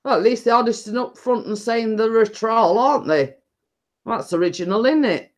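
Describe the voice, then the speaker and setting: A woman's voice: a little high, normal speed, darkish tone. Northern english lady rambling on her live stream, laughs a lot. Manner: chatty, rambling, laughs often. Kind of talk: casual live-stream chat.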